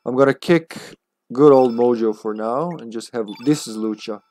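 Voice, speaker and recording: A man's voice: mid-range voice, normal speed, darkish tone. A man streaming a game, chatting casually as he plays, swearing freely and thinking aloud. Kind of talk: casual gameplay commentary.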